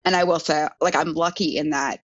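A woman's voice: low voice, fairly even intonation, brisk, no echo. A young woman telling a story in casual chat, full of "like" fillers. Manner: chatty, frequent "like" fillers. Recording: dull, dry sound.

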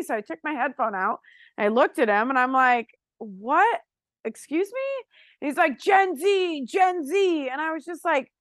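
A woman's voice: sits high, normal speed, no room sound. A woman in her thirties from Florida, a podcast co-host telling a story in casual chat, swearing freely and acting out the people she quotes. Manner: animated, profane, acts out quotes.

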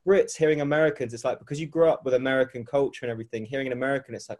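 A man's voice: mid-range voice, fairly even intonation, very fast, darkish tone. A young British man hosting a podcast, chatty and rambling as he interviews a guest. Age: young adult. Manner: chatty, rambling, restarts phrases. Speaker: podcast host. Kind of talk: casual interview chat.

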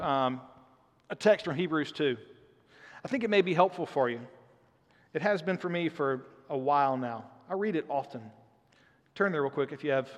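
A man in his thirties preaching a sermon in a conversational, earnest way, often dropping in "man" as he talks to the congregation. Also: fairly high pitch. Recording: long hall reverb.

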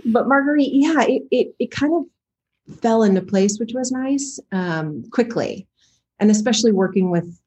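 A middle-aged woman, a voice actor, chatting casually in an interview with frequent laughs and quick asides. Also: fairly high pitch, expressive, warm tone, a little hiss or hum. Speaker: voice and motion capture actor, guest.

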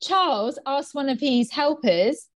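A woman's voice: high-pitched, a little slow. A woman co-hosting a podcast, telling stories with frequent giggles. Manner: giggly, animated storytelling. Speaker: podcast co-host. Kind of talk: casual chat.

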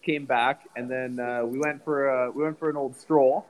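A man's voice: medium pitch, fairly even intonation, moderate pace, low-quality recording. A young man, a podcast co-host, telling a rowdy story in casual chat, swearing often and laughing along.

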